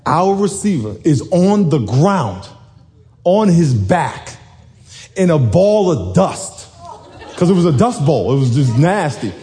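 A man in his forties, a little hoarse, telling a lively football story to a congregation, dropping low then shouting high. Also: slow pace. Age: 40s. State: hoarse from yelling. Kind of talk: animated storytelling sermon.

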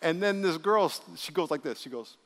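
A man preaching a lively sermon as pastor, acting out voices he quotes. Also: fairly high pitch, normal speed. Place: church sanctuary. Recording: long reverb of a church hall.

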